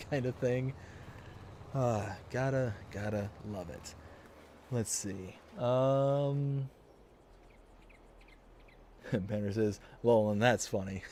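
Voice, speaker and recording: Slight background noise sits under this man's darkish, mid-range voice as he takes things slowly, with long pauses. It's casual livestream chat: he plays a farming game, reads out viewer comments, and wanders through stories, laughing often.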